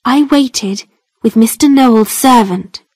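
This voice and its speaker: A woman reads a storybook aloud in a slow, careful, clearly spaced way, made for learners. Her voice sits fairly high. The recording is close and dry, with no room sound. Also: a little mellow, no echo. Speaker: narrator. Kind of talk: slow scripted storybook narration for English learners.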